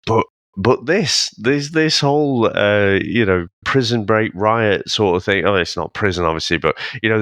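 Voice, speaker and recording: A man's voice: low-pitched, pushed and bright, no room sound. A man co-hosting a podcast, chatting casually about films with laughs and mild swearing. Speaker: podcast co-host. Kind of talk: casual film chat.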